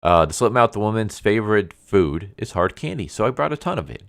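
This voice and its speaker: A man reading the lines of an excitable young female college student who is obsessed with the occult, in an eager and chatty way. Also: fairly low pitch, a little fast, creaky, no echo, clean studio sound, pitched above the performer's own voice.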